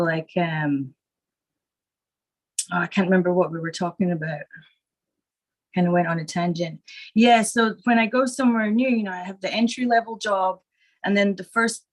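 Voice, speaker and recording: A woman from Scotland with a Scottish accent that has gone partly American, chatting as a guest in a rambling, relaxed way full of fillers, stoned. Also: medium pitch. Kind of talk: casual stoner chat.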